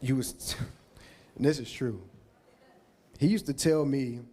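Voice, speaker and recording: A man's voice: mid-range voice, takes it slowly, mellow. A man giving a heartfelt, rambling Hall of Fame acceptance speech, thanking people one by one.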